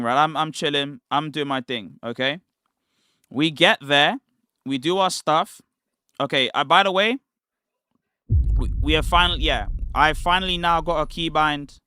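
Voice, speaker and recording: A man's voice: on the high side, pushed and bright, clear, resonant tone, dry recording, clean studio sound. A young British man telling a rambling story in casual slang on his livestream. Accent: British English. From Britain. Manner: rambling, slangy, quick restarts. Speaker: streamer.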